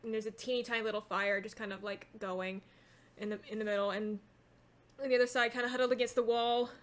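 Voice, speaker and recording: A woman's voice: a little high, fairly even intonation, fast talker. A woman running a tabletop game from home, describing scenes in a loose, rambling way full of fillers. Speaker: game master.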